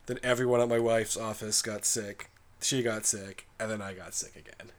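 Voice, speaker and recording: American guy, voice shot from being sick, hoarse, chill wry podcast chat. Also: on the low side, steady tone, moderate pace. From United States. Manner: laughs often, wry and easygoing. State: hoarse, voice mostly gone from a cold. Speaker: podcast co-host. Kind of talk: casual chat.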